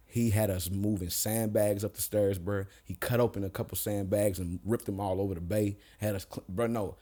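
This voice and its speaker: A man in a casual, profane chat, talking emphatically about army life. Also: moderate pace. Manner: emphatic, swings pitch when excited. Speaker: podcast co-host.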